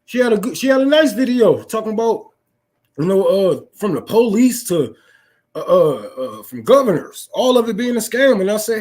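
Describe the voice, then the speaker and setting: A man's voice: high-pitched, sing-song, normal speed, darkish tone. A young man in an unscripted political rant, profane and fired-up, preaching to his listeners. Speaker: political talk host.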